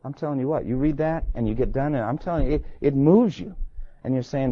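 A man lectures a class in a relaxed, mellow voice, talking emphatically and checking in with his listeners. He reads passages of an old sermon aloud between his comments. The recording sounds a little dull and lo-fi. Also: medium pitch, fast talker, breathy edge. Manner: conversational, emphatic, asks the class questions.

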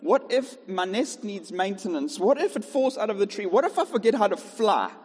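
A man's voice: sits high, very animated, a little mellow, long reverb tail, voice pushed up. A man voicing an anxious little bird that fires off frantic worried questions. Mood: panicky. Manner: frantic rapid-fire worrying questions.

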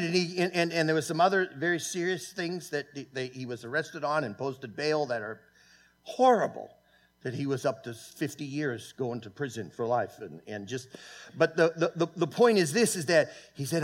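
Emphatic preacher, man with a higher voice. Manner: emphatic preaching that swings between loud peaks and quiet, low asides; halting, with many fillers and restarts. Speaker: pastor. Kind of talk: sermon. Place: church sanctuary.

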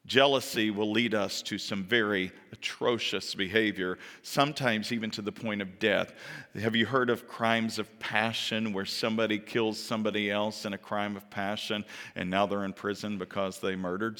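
A man preaching a sermon, telling a story with animated delivery and sudden jumps in pitch when he acts out quoted lines. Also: long reverb tail.

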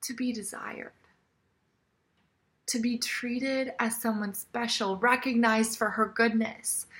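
Bright-voiced woman giving a sermon. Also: on the high side. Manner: conversational, often dropping to a soft near-whisper.

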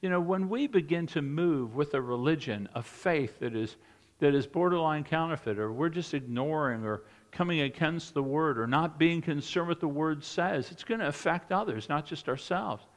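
A man preaching a sermon as a pastor, retelling a scripture story with lively emphasis and dropping to quiet, earnest moments. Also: a little high, normal speed, in a large hall. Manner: animated storytelling preacher, swinging between loud emphasis and quiet earnest passages.

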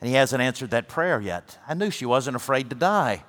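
A man preaching a sermon as a pastor, telling a story earnestly, rising to emphatic peaks and then dropping soft. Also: medium pitch, animated, moderate pace. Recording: long hall reverb.

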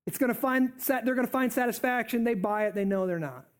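A man preaching a sermon in an animated, conversational way. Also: very high-pitched, quick pace.

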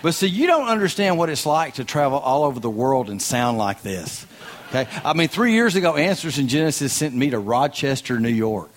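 A man's voice: mid-range voice, sing-song, fairly quick. Southern US man preaching with folksy humor. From American South. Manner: folksy, joking, emphatic preacher. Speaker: guest speaker. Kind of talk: sermon.

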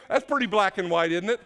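Fumbling, rising-pitched male preacher. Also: a bit bright. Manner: off-the-cuff, self-correcting, asks the congregation questions. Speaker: pastor. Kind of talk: sermon. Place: church sanctuary.

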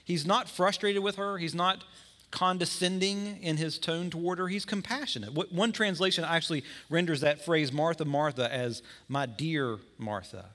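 A man's voice: high voice, moderate pace, fairly bright tone. A man preaching a sermon in a conversational way, now and then acting out the people in his story. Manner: conversational preaching with acted-out scenes. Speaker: pastor.

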